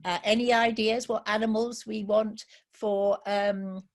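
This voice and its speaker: A woman with an ordinary mid-range voice tells a children's story to a live online audience. She is gentle and encouraging, pausing often to ask listeners for ideas. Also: medium pitch, little pitch movement.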